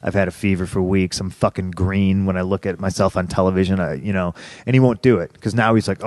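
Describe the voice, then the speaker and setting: A man, a podcast guest telling candid stories in a profane, heated, animated way. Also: low-pitched, brisk, dry recording, clean studio sound. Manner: profane, heated, animated retelling with rising outbursts. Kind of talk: candid storytelling interview.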